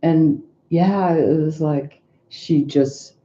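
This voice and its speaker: A woman's voice: sits low, extremely slow, warm tone, lo-fi sound. A middle-aged woman, a tarot reader, telling a personal family story in casual, rambling talk full of restarts and asides.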